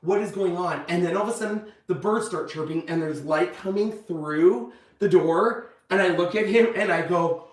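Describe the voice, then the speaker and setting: A man, the channel host, telling a story in a casual, animated way and acting out the lines people said. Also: sits high, moderate pace. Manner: animated, acts out quoted lines. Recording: echoey room, distant mic.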